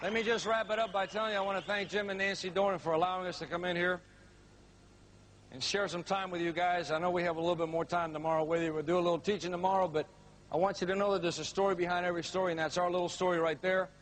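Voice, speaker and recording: Emphatic, high-voiced male motivational speaker. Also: steady tone, fast talker, a bit bright, some chatter behind, a little hiss or hum. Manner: emphatic, dramatic, preacher-like. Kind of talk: storytelling speech to a live audience.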